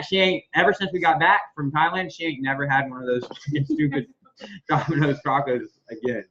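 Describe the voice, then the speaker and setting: A man's voice: fairly high pitch, fairly quick, muffled recording. Profane, rambling man telling stories on a call. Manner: profane, rambling, animated storytelling. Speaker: host of a members' business call. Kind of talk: casual business call, storytelling.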